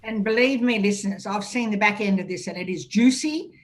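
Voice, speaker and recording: An Australian woman hosts a casual radio interview, her voice sitting in a middle register. She tells anecdotes in a chatty, frank and lively way. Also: mid-range voice, brisk. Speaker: radio talk show host.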